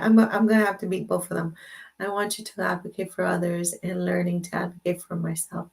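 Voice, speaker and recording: An older woman hosts a live stream from her computer, with a gravelly edge on her voice. She chats casually and affirms her viewers, often repeating her phrases. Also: fairly low pitch, level tone, moderate pace. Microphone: computer mic.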